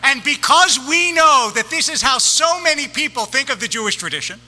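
A rabbi delivers a sermon with wry comic timing and a high, very bright voice. His words echo through a long, reverberant sanctuary. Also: animated, normal speed.

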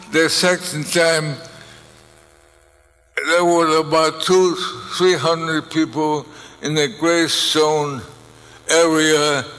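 An older man telling personal stories to an audience, speaking slowly with halting restarts. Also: on the high side, sharp tone. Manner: slow, halting delivery with restarts. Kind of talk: storytelling speech. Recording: long reverb of a large hall.

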